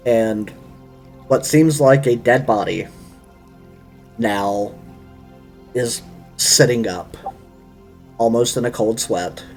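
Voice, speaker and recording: A man running a tabletop game as game master, narrating scenes in a slow, dramatic way. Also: mid-range voice, a little mellow, faint music behind.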